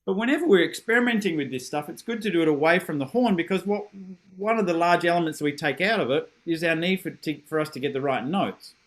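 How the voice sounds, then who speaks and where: A middle-aged man leads a horn masterclass over a video call, his voice pitched high for a man. He praises readily, jokes about himself and demonstrates with short sung syllables. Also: animated, fast talker, few pauses. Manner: encouraging, self-deprecating, demonstrates with sung syllables. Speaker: horn teacher giving a masterclass.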